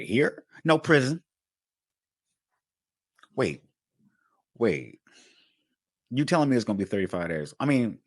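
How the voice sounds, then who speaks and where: Male host, deep voice, dry recording; loose, slangy storyteller full of fillers. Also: no room sound. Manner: animated, slangy, lots of fillers, acts out quotes. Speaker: channel host telling his story. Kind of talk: casual storytelling to camera.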